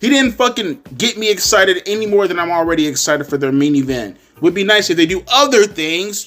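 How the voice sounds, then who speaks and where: A man's voice: high voice, animated, a little fast, few pauses, fairly bright tone. A man giving crude, sarcastic, profanity-laced commentary as he reviews a wrestling show. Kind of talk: ranting commentary.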